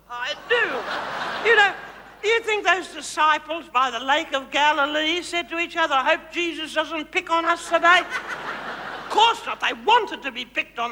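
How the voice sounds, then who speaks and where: Very high-pitched, pushed, bright and heavily acted, an Australian-accented male comedian plays a vain, glamorous female megastar and ex-housewife in a live comedy monologue on a large theatre stage. He teases, gushes and camps it up, calling the audience darlings. The VHS broadcast carries audience noise and a reverberant hall.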